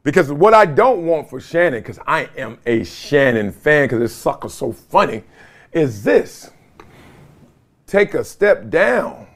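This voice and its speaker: A man riffing alone into a camera in his basement, his pitch set a little high and swinging widely as he jumps between points. He talks in loose slang and breaks into laughter between thoughts. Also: unhurried. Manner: animated, slangy, laughs often. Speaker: podcast host. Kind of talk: casual solo commentary. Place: home basement. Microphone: video camera or phone.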